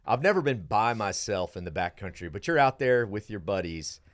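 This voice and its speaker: Animated storyteller man. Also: on the low side, normal speed, no room sound. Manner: animated storyteller, acts out quoted people. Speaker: guest, travel show host. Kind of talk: casual podcast chat.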